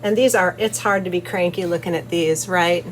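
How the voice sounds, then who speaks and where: A woman's voice: on the low side, normal speed, slight background noise, poor audio. A cheerful, giggly woman chatting casually as she makes soap in her studio and hosts her channel. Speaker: soap maker and channel host. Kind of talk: casual chat while making soap.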